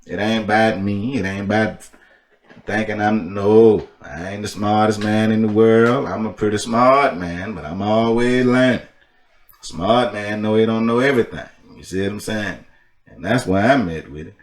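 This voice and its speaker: Deep voiced guy ranting preachy and emphatic, repeats himself a lot, far off mic in a roomy space. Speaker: podcast host. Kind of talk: casual monologue. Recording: echoey room, distant mic.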